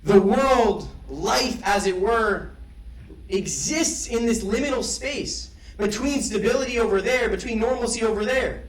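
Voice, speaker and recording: A man's voice: high voice, unhurried. Young man giving a playful graduation speech. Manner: playful, wry, reflective. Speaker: valedictorian speaker. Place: large ceremony hall. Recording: roomy hall sound from a distant mic.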